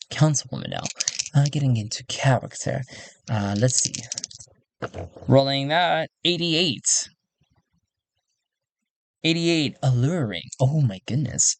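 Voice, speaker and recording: A man thinking aloud as he plays a solo tabletop game, chatty and quick to laugh. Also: mid-range voice, sing-song, vocal fry.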